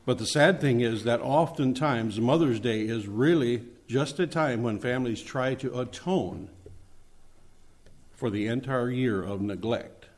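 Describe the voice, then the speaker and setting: A male pastor delivers a sermon in an earnest, measured voice. His pitch sits in an ordinary middle range for a man.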